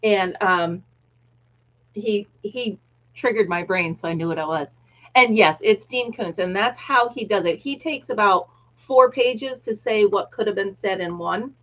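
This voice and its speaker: A woman's voice: mid-range voice, a little slow, fairly bright tone, highs cut off. A middle-aged woman casually chatting on her livestream, greeting viewers by name and laughing often. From United States. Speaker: livestream host. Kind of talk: casual chat.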